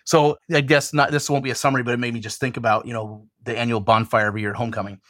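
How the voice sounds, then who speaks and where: A middle-aged man, a university administrator, telling lively stories in a casual chat and laughing often. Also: medium pitch, racing, no echo, studio quality. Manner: animated storyteller, laughs often. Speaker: university student affairs administrator.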